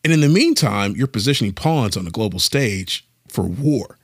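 A man co-hosting a podcast, talking in an animated, casual way and thinking aloud with frequent restarts. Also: fairly low pitch, normal speed, breathy edge, no room sound, studio quality. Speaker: podcast co-host. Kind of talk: casual discussion.

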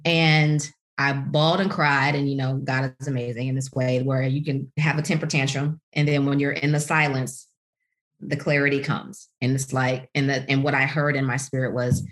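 A middle-aged woman from the United States telling her career story in an interview, animated and full of "you know" fillers. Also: normal speed. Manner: animated storytelling, voices quotes with big pitch leaps. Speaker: guest, author. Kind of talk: podcast interview, personal story.

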